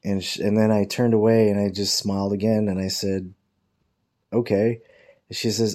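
A man with a lowish, dark voice speaks at normal speed with flat delivery, casually telling a rambling, profane story about work. He quotes his coworkers in mocking voices throughout.

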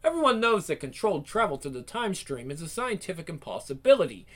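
A man's voice: fairly high pitch, sing-song, quick pace, fairly bright tone. A man voicing a pompous, condescending older male scientist in a one-man game fan dub.

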